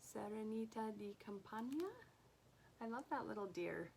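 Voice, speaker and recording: With a gravelly, medium-pitched voice at a moderate pace, a woman who vlogs about cross stitch chats casually about her haul. She gushes over each item, keeps her voice soft and often drops nearly to a whisper, all on a low-quality recording with slight hiss or hum.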